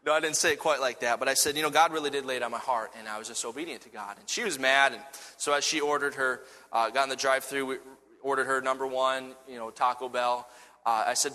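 A man preaching a sermon, telling a personal story with lively restarts and fillers before moving into a scripture reading. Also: mid-range voice, fast, in a large hall. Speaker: pastor.

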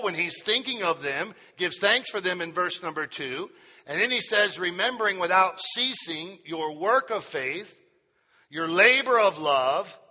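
A high-voiced male preacher delivers a sermon at an unhurried pace, stretching out key phrases for emphasis. His bright tone carries a long hall reverb, as in a church sanctuary.

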